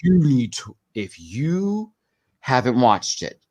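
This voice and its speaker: A man's voice: mid-range voice, takes it slowly, a crowd in the background. A man guesting on a podcast, chatting casually and animatedly, acting out quotes while telling stories. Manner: animated storyteller, acts out quotes. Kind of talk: casual chat.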